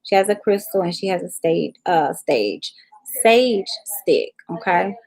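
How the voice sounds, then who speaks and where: Southern memphis lady on a tarot livestream, folksy, calls everybody y'all and honey, gravelly voice. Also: fairly low pitch, lively intonation, a little slow, darkish tone. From Southern United States. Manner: folksy, reads viewer comments aloud and addresses them as y'all and honey. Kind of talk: casual livestream chat with viewers.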